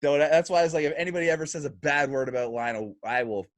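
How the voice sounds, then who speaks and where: A man's voice: fairly high pitch, racing, dry recording, studio quality. A man hosting a casual podcast, telling stories with lots of energy and cursing freely. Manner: lively, swears freely, acts out quotes. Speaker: podcast host. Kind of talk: casual chat, animated storytelling.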